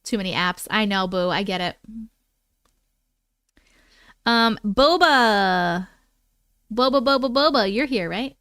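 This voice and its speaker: A woman's voice: medium pitch, animated, a little fast, hardly any pauses, a bit bright, no room sound, clean studio sound. A woman hosting a livestream, chatting casually with viewers and reading their stories aloud in a playful, chatty way that includes casual swearing. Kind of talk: casual live chat and story reading.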